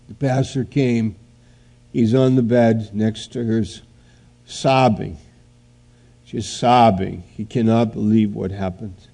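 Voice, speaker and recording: A man preaching a sermon, telling a story in a halting way and then building to loud, emphatic outbursts. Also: fairly low pitch, steady tone, vocal fry.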